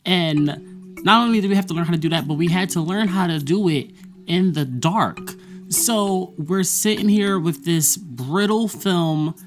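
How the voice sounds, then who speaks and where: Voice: mid-range voice, a little slow. Sassy, profane vlogger with faint music. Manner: blunt, profane and sassy, laughing often. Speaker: vlogger recapping a college semester. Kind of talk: casual monologue.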